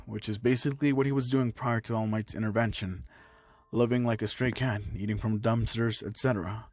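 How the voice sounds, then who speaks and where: A man reading a fan story aloud in a plain, steady narrating manner. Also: lowish voice, brisk, no room sound.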